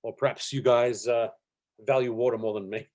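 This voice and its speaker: This middle-aged animation instructor speaks at medium pitch and normal speed while teaching a live online workshop on a video call. His tone is relaxed and chatty, with frequent fillers and light laughter.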